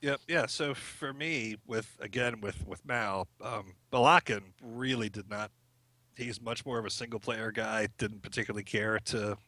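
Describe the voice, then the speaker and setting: Bright-voiced man telling a laughing story. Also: fairly low pitch, normal speed, no room sound. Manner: chatty, laughs often while telling stories. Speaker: podcast guest. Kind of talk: casual storytelling chat.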